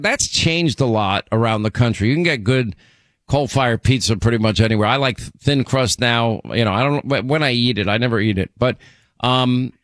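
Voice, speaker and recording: A man's voice: mid-range voice, fairly bright tone, dry recording, clean studio sound. A man hosting a call-in radio show, chatting with callers and rambling through personal stories. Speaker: radio talk show host.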